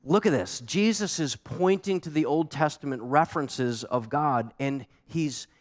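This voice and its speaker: A male pastor preaching a sermon, earnest and animated, repeating words for emphasis. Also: on the high side, a little slow, big-room sound. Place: church sanctuary.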